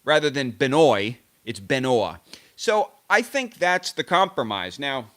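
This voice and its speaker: A man's voice: a little high, very animated, moderate pace, pushed and bright, clear, resonant tone. A man hosting a tennis live stream, chatting casually to his viewers in a rambling, self-correcting way as he muses aloud. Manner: rambling, self-correcting, musing aloud over name pronunciations.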